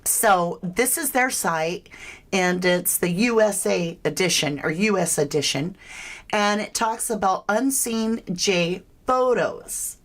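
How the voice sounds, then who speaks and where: Slow-talking woman hosting a crime livestream. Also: medium pitch, lively intonation. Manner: chatty, thinking aloud, frequent asides. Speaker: true crime livestream host. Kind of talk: casual livestream chat.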